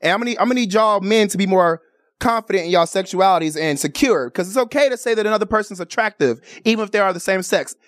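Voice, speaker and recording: This radio and TV talk show host, a Chicago woman recording in a radio studio, talks casually at a quick pace in a mid-range voice. Her manner is animated and playful, full of theatrical cries and bird calls. There's no room sound and the audio is clean.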